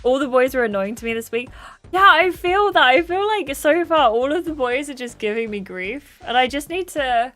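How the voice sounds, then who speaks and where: A woman's voice: sits high, animated, moderate pace, hardly any pauses, soft background music. A woman streaming a story game, reading its dialogue aloud and chatting with her viewers, often apologizing for her slips.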